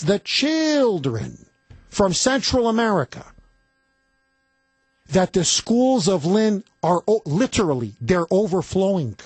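A man hosts a talk radio show in an indignant, emphatic rant. His voice sits high and swoops widely, with a husky edge, recorded dry and close on a studio mic. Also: a little mellow, dry recording. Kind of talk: political talk radio monologue. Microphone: studio microphone.

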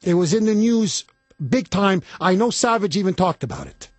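A man's voice: high voice, expressive, normal speed, husky, no room sound. A man hosting a political talk radio show, speaking emphatically and indignantly, repeating himself for effect. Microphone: studio microphone.

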